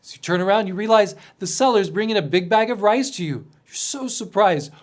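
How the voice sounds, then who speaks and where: Earnest, slightly high-voiced male narrator. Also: expressive, a little fast. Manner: earnest, gently dramatic storytelling with soft drops. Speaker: mission storyteller. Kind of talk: scripted second-person narration.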